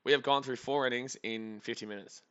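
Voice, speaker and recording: Bright, chatty man streaming. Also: mid-range voice, steady tone, brisk, smooth, lo-fi sound. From Australia. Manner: chatty, rambling, jokey. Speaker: sports streamer. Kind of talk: live game reaction commentary.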